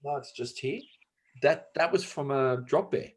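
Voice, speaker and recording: A man's voice: medium pitch, a little slow. A middle-aged Australian man, a podcast host, chatting casually and telling tall, jokey stories with the odd swear word. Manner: joking storyteller, swears casually. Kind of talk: casual chat.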